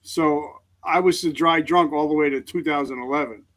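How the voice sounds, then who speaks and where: Earnest middle-aged man, slightly high voice. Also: fairly bright tone. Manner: earnest, halting, emotionally open. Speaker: guest, veteran author and speaker. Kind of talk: candid interview talk.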